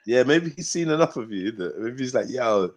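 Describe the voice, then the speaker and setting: A man's voice: mid-range voice, lively intonation, quick pace, a little mellow. A man hosting a casual livestream, teasing his guests and laughing often. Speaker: livestream host.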